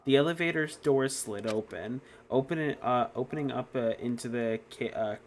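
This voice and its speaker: A man's voice: medium pitch, moderate pace, heavy background noise. A man streaming a game, narrating the story and reading chat aloud, stumbling over words now and then. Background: game music.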